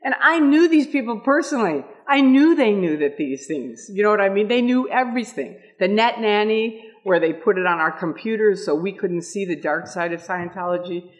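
An older woman giving an animated storytelling talk at an event, laughing often and acting out the people she quotes. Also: mid-range voice, moderate pace, hardly any pauses. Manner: lively, laughs often, acts out quoted voices. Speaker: speaker at an event. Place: meeting room with audience.

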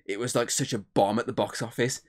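A man's voice: mid-range voice, fairly even intonation, brisk, a little mellow. A man co-hosting a podcast, rambling through a film recap with lots of fillers and swearing. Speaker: podcast co-host. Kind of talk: casual podcast chat.

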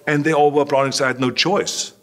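A fairly bright, steady voice on the high side belongs to an older Austrian man who talks fast. As a guest in an interview, he tells anecdotes, repeats himself, and acts out the voices he quotes.

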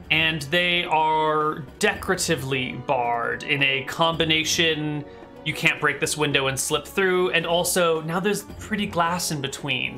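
A man serves as game master for a tabletop role-playing game, describing rooms and sounds in a relaxed, rambling way full of fillers. His voice is bright and slightly high, and faint music sits underneath. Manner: casual, describing scenes with many fillers.

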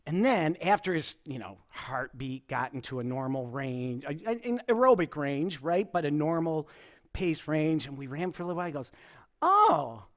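A man preaching a conversational sermon as pastor, telling stories in an animated way, often chuckling and restarting his sentences. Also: fairly high pitch, normal speed. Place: church service.

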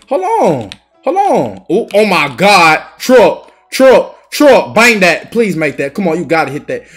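Excitable young man calling gameplay. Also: on the high side, husky. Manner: excitable, swearing trash talk with bursts of yelling. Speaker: gaming YouTuber. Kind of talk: live gameplay commentary.

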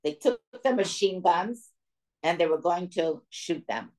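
A woman's voice: on the low side, a little slow. An older woman from the former Soviet Union, a guest speaker telling her life story to a women's audience and acting out the dialogue as she goes. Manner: lively storyteller who acts out quoted dialogue.

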